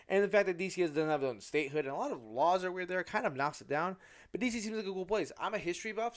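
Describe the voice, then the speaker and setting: A young man from Southern California hosting a casual solo podcast, rambling, joking at his own expense and swearing freely. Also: on the high side. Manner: loses track and corrects himself mid-sentence. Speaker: podcast host.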